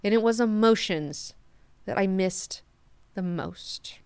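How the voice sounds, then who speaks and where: A woman voicing an ancient, brooding male god-emperor, speaking quietly and solemnly. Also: medium pitch, takes it slowly, clear, resonant tone, no room sound.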